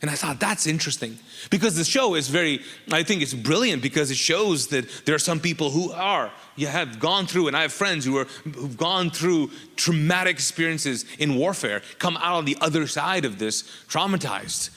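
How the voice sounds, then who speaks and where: A man's voice: on the high side, animated, normal speed, pushed and bright, big-room sound. A man preaching a sermon as pastor, talking conversationally and bantering with the congregation with questions. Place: church auditorium.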